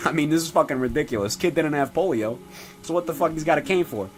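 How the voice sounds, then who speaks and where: A man's voice: fast talker, faint music behind, close to an everyday voice. A man playing a foul-mouthed, brash middle-aged father in a comedy sketch, rambling and ranting with lots of swearing. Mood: boasting. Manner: profane rambling rants with animated pitch swings. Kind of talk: comedy sketch character monologue.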